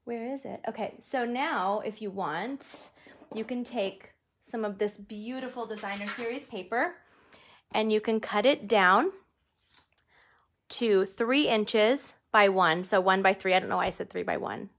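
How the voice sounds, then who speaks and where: This woman speaks at a measured pace, with medium pitch and a fairly bright tone, as she runs a live stamping craft lesson at home. Her talk is chatty and self-deprecating with frequent laughter, recorded on a desk camera beneath studio lights.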